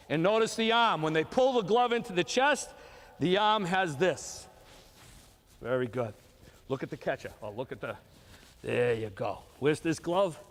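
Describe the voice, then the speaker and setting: An older man coaching young kids through a throwing drill, giving short, encouraging repeated commands. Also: a little high. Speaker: youth baseball coach. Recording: long reverb from a hall.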